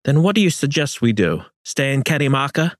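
A man's voice: medium pitch, sing-song, brisk, dry recording, clean studio sound, pitched above the performer's own voice, close to an everyday voice. A man voicing a proud Spanish conquistador leader who speaks in an insistent, lofty way. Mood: impatient.

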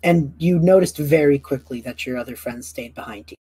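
A young woman narrating a tabletop game as game master, casual and full of fillers, clearing her throat now and then. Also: rumbling low, fairly quick, mellow, no echo.

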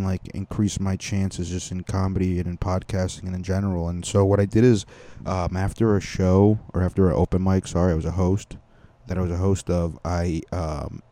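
A man's voice: low voice, warm tone. A young man hosting a comedy podcast, rambling crudely in a casual monologue with many fillers and restarts.

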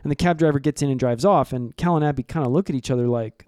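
Smooth-voiced man recapping with gusto. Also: medium pitch, fast, no echo, studio quality. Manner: animated, slips into silly voices. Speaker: podcast co-host. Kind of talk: comedic plot recap.

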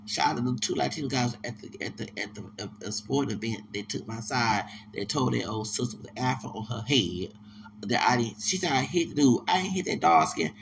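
A man's voice: medium pitch, expressive, fairly quick, vocal fry, background noise. A man talking on his podcast in a casual, rambling monologue, emphatic and often stumbling over repeated words. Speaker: podcast host.

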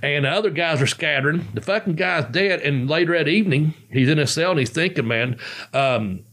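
Podcast host guy, rambly and swears a lot, voice a bit on the high side. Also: animated, a little fast, fairly bright tone. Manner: rambling, profane, loose storytelling. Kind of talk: casual podcast chat.

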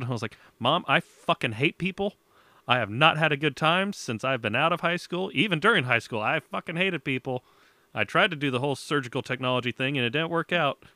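A man's voice: a little high, lively intonation, brisk, sharp tone, no room sound. A young man hosting a podcast, telling a story in casual chat, laughing often and swearing as he acts out his parents. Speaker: podcast host.

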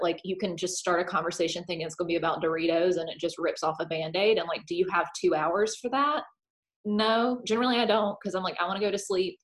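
A woman talking casually and openly, full of "like" fillers, who acts out her own thoughts in quoted voices. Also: lowish voice. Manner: chatty, animated, filler-heavy with lots of "like". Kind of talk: casual chat.

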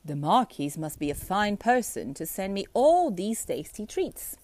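A woman's voice: medium pitch, big pitch swings, unhurried, a little mellow, no room sound. A woman voicing a jolly, greedy old king who speaks pompously and gives orders, in a dry storybook reading. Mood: commanding.

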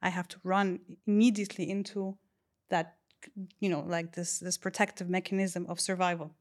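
A woman bodywork practitioner as a podcast guest, explaining in a calm, measured, unhurried way. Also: fairly low pitch. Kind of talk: reflective interview talk.

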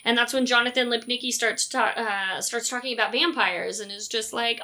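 A woman co-hosting a casual movie-review chat, talking in long animated runs with jokes and many ums. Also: a little high, moderate pace, hardly any pauses. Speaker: podcast co-host.

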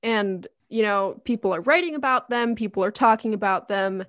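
A woman's voice: mid-range voice, normal speed, fairly bright tone, no echo, clean studio sound. A young woman co-hosting a podcast, talking in an emphatic, enthusiastic casual way. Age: young adult. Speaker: podcast co-host.

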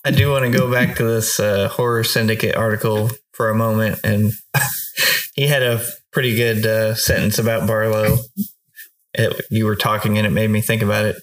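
A man co-hosting a podcast, talking through a horror film in a steady, casual way and moving the show from one segment to the next. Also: lowish voice, moderate pace. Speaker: podcast co-host. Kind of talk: casual movie review chat.

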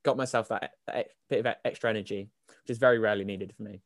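A man's voice: fairly low pitch, fairly even intonation, very fast, no echo, studio quality. A young man co-hosting a podcast, telling stories in casual chat, often laughing and swearing. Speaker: podcast co-host.

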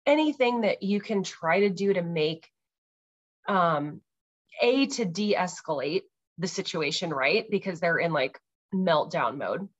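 Chatty mom podcaster, lo-fi sound. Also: female voice, fairly low pitch, lively intonation, a little slow. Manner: chatty, many ums and likes, laughs easily. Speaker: podcast host. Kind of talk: casual parenting talk.

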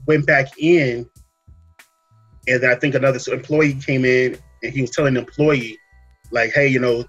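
Husky-voiced male podcast host, easygoing storyteller, light music under. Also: mid-range voice. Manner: relaxed storytelling, many fillers and "you know what I'm saying". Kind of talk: casual chat.

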